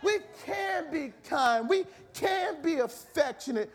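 A man preaching a fervent sermon in a church, shouting and repeating phrases. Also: very high-pitched, lively intonation, slow pace, a faint crowd.

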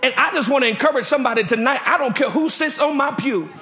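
A man with a very high, bright, ringing voice preaches a fiery sermon in a church sanctuary. He throws out call-and-response lines and shouts them to the congregation. His voice rings around a roomy, echoing room. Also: fast. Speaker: visiting preacher.

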